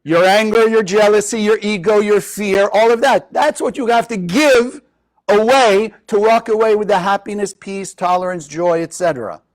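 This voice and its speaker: Male spiritual teacher with a high voice. Expressive delivery, lots of questions thrown to the group. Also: normal speed, low-quality recording. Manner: expressive, asks the listeners questions. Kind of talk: spiritual lesson to a live group.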